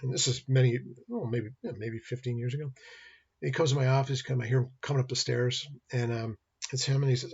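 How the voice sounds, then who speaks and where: A man's voice: medium pitch, steady tone, fairly quick, darkish tone, breathy edge, lo-fi sound. A middle-aged man, teaching college business law in a recorded lecture and telling folksy stories. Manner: folksy storyteller, acts out dialogue. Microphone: built-in computer or webcam mic.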